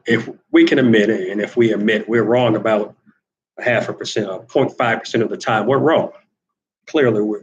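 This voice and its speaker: A man's voice: lowish voice, poor audio. A man hosting a solo talk monologue, wry and rambling, repeating words as he thinks, turning emphatic when he argues a point. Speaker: host.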